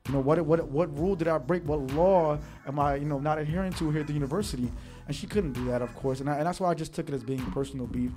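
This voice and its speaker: A young man from the Bronx telling a story in an animated monologue, acting out what other people said to him. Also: a little high, quick pace, soft background music. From the Bronx, New York. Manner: animated, quotes others in changing voices. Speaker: monologue host.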